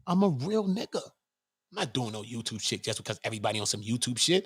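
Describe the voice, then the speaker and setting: A man's voice: mid-range voice, sing-song, quick pace, husky, no room sound, clean studio sound. A man hosting his own channel, ranting in a confrontational, profane way and firing off rhetorical questions. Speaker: channel host. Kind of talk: heated livestream rant.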